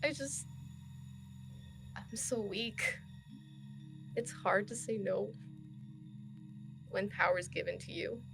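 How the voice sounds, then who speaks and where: A woman voicing a weary young woman, remorseful and near tears, speaking softly and breathily. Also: medium pitch, slow pace, vocal fry, long pauses, over music. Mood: weeping.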